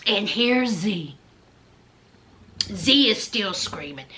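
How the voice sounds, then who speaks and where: A woman giving a sassy, expressive recap of a reality TV show, drawing out her words. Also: medium pitch. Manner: expressive, sassy, drawn-out delivery. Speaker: reality TV commentator.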